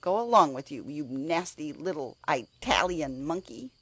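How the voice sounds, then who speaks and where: A woman voicing a cross, scornful nursemaid in a storybook reading, loud and raised in pitch. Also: very animated, unhurried, breathy edge, full character voice, rough recording. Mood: scolding. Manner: scornful, sharp.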